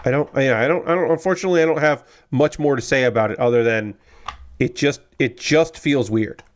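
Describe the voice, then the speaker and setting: A man's voice: medium pitch, a little fast. A man live streaming casual chat as he works a jigsaw puzzle, rambling and digressive and answering his chat.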